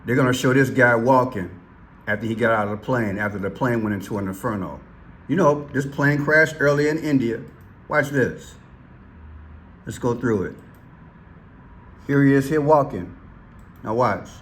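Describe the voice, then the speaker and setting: Male vlog host, mid-range voice, excitable, repetitive pointing-out delivery. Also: mid-range voice, moderate pace, pauses often, slight background noise. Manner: excitable, repeats himself, points things out. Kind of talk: casual commentary video.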